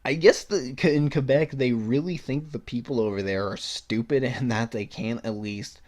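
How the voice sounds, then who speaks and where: A man's voice: mid-range voice, normal speed, darkish tone. A young man hosting a podcast, giving blunt, sarcastic opinions and reading news clippings aloud, swearing and laughing at his own points. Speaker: podcast host.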